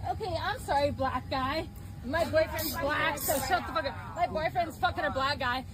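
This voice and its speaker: A high-pitched woman hurls taunts and abuse at bystanders. She is outdoors by a street. Loud traffic noise fills the phone clip behind her. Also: unhurried, crowd noise. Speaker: woman filmed in public.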